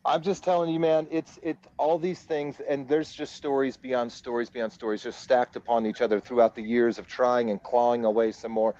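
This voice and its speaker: A man in his forties, a musician guest, telling his story in a rambling, animated way and laughing at himself. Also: mid-range voice, normal speed, hardly any pauses. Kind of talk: casual storytelling interview. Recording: dull lo-fi audio.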